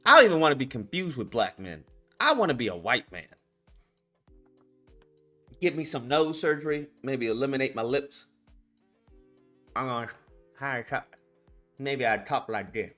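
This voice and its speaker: Animated, bright-voiced streamer man. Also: medium pitch, moderate pace, long pauses, faint music behind. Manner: animated, profane, with sudden shouted outbursts. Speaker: streamer host. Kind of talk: live stream reaction commentary.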